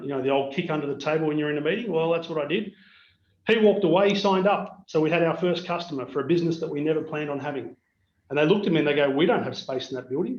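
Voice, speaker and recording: A middle-aged Australian man, a business owner, telling animated anecdotes to peers on a video call. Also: fairly high pitch. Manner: anecdotal, animated storyteller acting out dialogue. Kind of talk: storytelling keynote on a video call. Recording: roomy, dull video-call audio.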